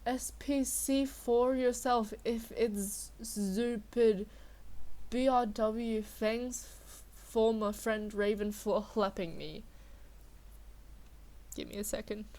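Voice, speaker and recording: A young woman with a slightly high voice and a sore throat gives a mock-dramatic comedic reading. She delivers the lines with exaggerated flair, then drops into exasperated, sarcastic asides. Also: steady tone, takes it slowly, warm tone. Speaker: dramatic reader of a fanfic.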